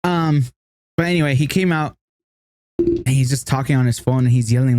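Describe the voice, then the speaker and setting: A man co-hosting a casual podcast, telling a story with lots of laughter and acted-out quotes in a higher voice. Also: fairly even intonation, normal speed, pauses often, darkish tone, dry recording. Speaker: podcast co-host.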